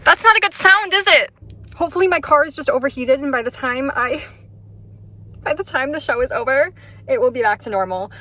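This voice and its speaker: Woman vlogger, high voice, chatty and frazzled, phone mic in a parked car. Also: animated, brisk, pushed and bright. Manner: chatty, frazzled, laughs often. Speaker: concert vlogger. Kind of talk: casual vlog talk to camera. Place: parked car in a parking garage.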